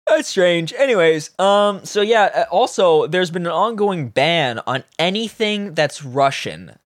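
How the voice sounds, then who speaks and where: A man's voice: high voice, animated, measured pace, no room sound, clean studio sound. A young man from Canada, co-hosting a podcast in casual chat, teasing and laughing in banter. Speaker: podcast co-host.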